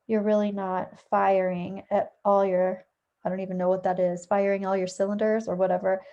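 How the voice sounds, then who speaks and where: At home with a dog nearby, a woman gives a casual, chatty tarot reading, thinking aloud and correcting herself as she goes. Her medium-pitched voice holds a level tone at normal speed, and the recording is muffled.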